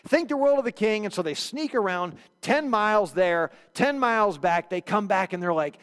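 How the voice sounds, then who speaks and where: A male pastor preaching a sermon in a church, telling the story with lively acted-out bits. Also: sits high, normal speed, few pauses, clean tone, big-room sound. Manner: animated storytelling, acts out quotes. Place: church sanctuary.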